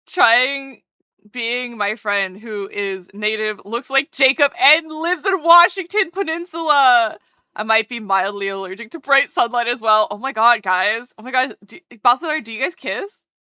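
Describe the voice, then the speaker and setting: A woman's voice: on the high side, measured pace, pushed and bright, smooth, dry recording, clean studio sound. A woman streamer chatting casually while drawing, gushing and rambling as she interrupts herself.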